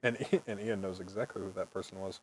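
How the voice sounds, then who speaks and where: A man's voice: sits low, fairly even intonation, fast. A man in his early twenties, host of a casual podcast, telling rambling stories, swearing freely and laughing often. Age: early 20s. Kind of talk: casual storytelling chat.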